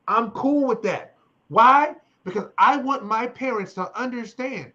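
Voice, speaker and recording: High-voiced man, passionate host. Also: bright, forceful tone, lo-fi sound. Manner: passionate, preachy, repeats phrases for emphasis. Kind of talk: casual panel conversation.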